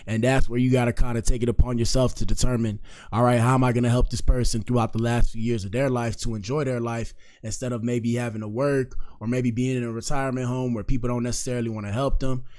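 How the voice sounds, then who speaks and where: A man's voice: mid-range voice, flat delivery, quick pace, darkish tone. A man hosting a casual reaction show, talking in a laid-back, slangy way and answering viewers' comments. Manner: laid-back, slangy, addresses chat directly. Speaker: host.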